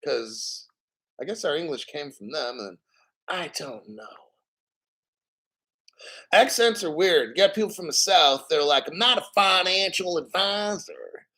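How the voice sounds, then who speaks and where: A man hosting a casual crypto livestream, reading chat aloud and rambling, swearing casually and often clearing his throat. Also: on the high side, animated, unhurried, long pauses, fairly bright tone.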